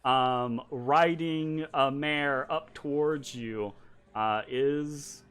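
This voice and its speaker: A man's voice: medium pitch, drawn-out words, fairly bright tone, smooth. A man narrating a tabletop game as game master in a casual, rambling way, full of ums and checks of "right?".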